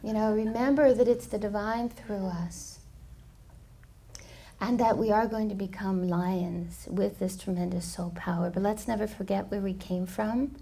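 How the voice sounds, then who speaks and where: Gravelly woman telling a spiritual parable. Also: mid-range voice, a little slow. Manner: animated storyteller, many fillers. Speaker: co-host, spiritual teacher. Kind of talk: storytelling parable talk. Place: yoga studio.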